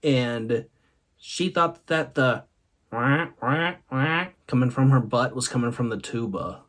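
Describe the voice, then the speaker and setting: A vlog host tells comic stories in a monologue, laughing often between punchlines. His medium-pitched voice is slow, and background noise can be heard.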